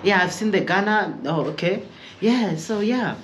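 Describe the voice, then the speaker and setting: A man voicing a naive, insistent American man who keeps quizzing an African, in a high, incredulous squeak. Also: animated, normal speed, a bit bright, slight background noise. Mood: chatty.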